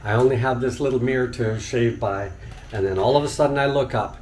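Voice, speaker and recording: Speaking Canadian English, this middle-aged vlogger talks casually to his audience at an outdoor house build in the Philippines, often breaking into laughter. His medium-pitched voice is steady, fairly quick and a little mellow, with a touch of hiss or hum in the audio.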